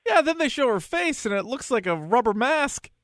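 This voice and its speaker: A man's voice: very high-pitched, big pitch swings, normal speed, fairly bright tone. A man co-hosting a casual movie discussion podcast, chatty and laughing often as he leads the questions. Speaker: podcast co-host.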